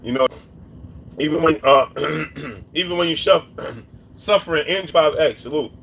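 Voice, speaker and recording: A man doing boxing commentary on a live stream, talking casually and repeating his points while shouting out viewers' names. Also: a little high, unhurried, vocal fry, a little hiss or hum. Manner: repetitive, shouts out chat names.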